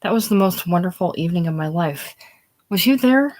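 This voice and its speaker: A woman voicing a chatty, excitable young woman who rattles on about her stage triumph, in a casual script reading. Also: on the low side, fast talker, natural voice, poor audio. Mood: gushing. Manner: rattles on breathlessly, gushing.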